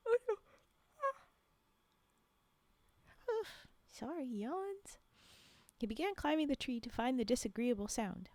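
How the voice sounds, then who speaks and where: A woman reads folktales on a live stream at a slow pace, often breaking off to laugh and answer her chat. Her voice sits fairly high, and the sound is dry and close. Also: gravelly, darkish tone, dry recording. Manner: laughing asides to chat between read passages. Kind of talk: reading folktales aloud with chat asides.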